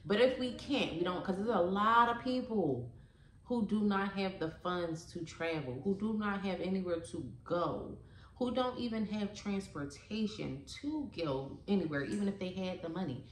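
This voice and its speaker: A woman's voice: medium pitch, expressive, moderate pace, echoey room, a little hiss or hum. A woman vlogger, a mother in her thirties, chatting earnestly and emotionally to her viewers, saying "y'all" often. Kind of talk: casual vlog chat.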